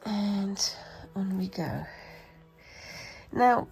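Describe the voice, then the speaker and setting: A woman's voice: medium pitch, lively intonation, extremely slow, creaky, a little mellow, rough recording. A British woman with a cold, chatting and rambling casually as she demonstrates a craft, talking to herself while she works. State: has a cold. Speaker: craft vlogger.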